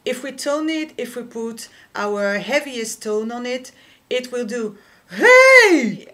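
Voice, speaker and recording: A woman whose first language is French, teaching a singing lesson and explaining slowly and carefully with small pauses. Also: fairly high pitch. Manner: slow, careful explaining with fillers. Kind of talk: vocal lesson with sung demonstrations.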